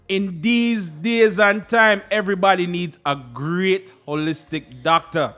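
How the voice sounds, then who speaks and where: A man with a Caribbean English accent hosting a radio show in a studio, chatting jovially and reading out an advertiser's phone number slowly. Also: high voice, fairly bright tone, soft background music. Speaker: radio host. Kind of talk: casual radio talk with ad reads.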